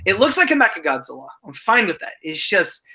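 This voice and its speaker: A woman's voice: on the low side, sing-song, fairly quick, pushed and bright, husky. A woman co-hosting a casual live stream, rambling with many restarts. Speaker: guest co-host.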